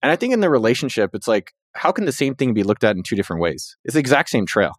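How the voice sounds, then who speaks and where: Man, thirties, casual podcast talk, rapid, lively retelling, dry studio sound. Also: slightly rough, dry recording. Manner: animated storytelling, jumps up in pitch when quoting. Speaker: podcast host.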